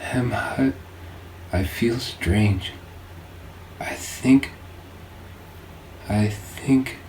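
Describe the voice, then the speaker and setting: A man reading an audiobook, voicing a gentle, loving woman with a soft, delicate, raised voice. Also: fairly low pitch, expressive, normal speed, a little hiss or hum, close to an everyday voice. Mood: weak, whispering. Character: gentle loving woman, fading then young again. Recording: roomy distant-mic home recording.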